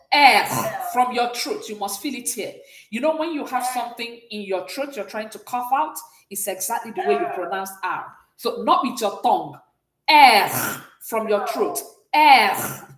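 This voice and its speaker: A woman's voice: a little high, roomy sound, low-quality recording. A woman teaching a beginners' French class, who patiently explains, repeats and checks that students follow. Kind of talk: classroom language lesson.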